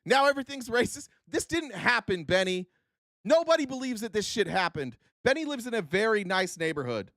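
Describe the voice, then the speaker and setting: A man ranting about politics on a stream, with a high, very lively voice that leaps around. He is sarcastic and swears a lot, dropping to a mutter and then blowing up. The sound is dry and close. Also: a little fast, no echo. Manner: heated, sarcastic, profane, swings from low mutter to loud outbursts. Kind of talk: unscripted political rant.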